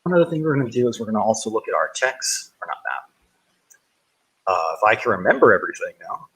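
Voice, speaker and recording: A fairly low-pitched, sing-song male voice, a little fast, fairly bright and slightly rough, comes through poor audio. He's casually chatting during a game live-stream, friendly and greeting viewers by name, rambling and frequently correcting himself.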